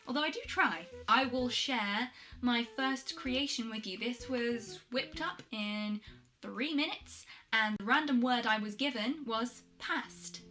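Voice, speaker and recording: A woman vlogging a poetry challenge, chatting in a self-deprecating way and reading her poems aloud slowly and softly. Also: fairly high pitch, over music. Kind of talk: casual chat and poetry reading.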